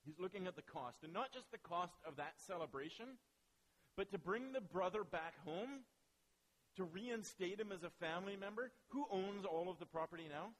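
A man preaching a sermon, retelling a story with animated dramatic pauses. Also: sits high, poor audio. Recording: faint hiss.

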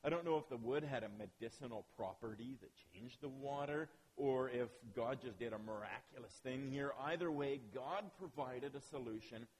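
A man's voice: mid-range voice, normal speed, few pauses, a little mellow, rough recording. A man preaching a sermon, earnest and emphatic, often asking rhetorical questions. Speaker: pastor.

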